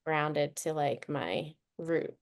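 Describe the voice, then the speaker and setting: A woman guest on a podcast, talking earnestly and telling heartfelt personal stories in relaxed conversation. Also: low-pitched, extremely slow. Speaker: guest, childhood trauma expert.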